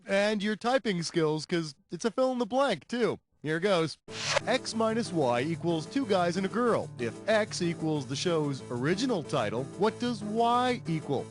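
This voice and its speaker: A wisecracking trivia host in a high voice that leaps all over the place. He tosses out sarcastic quips between questions in a scripted video game. Music plays clearly underneath. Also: big pitch swings. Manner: snarky, jokey, quick asides.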